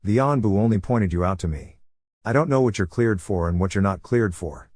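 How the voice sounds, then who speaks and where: A man voicing a sharp-tongued teenage ninja girl who talks in a snappish, sarcastic way. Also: on the low side, brisk, no room sound, studio quality, natural voice. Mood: irritated.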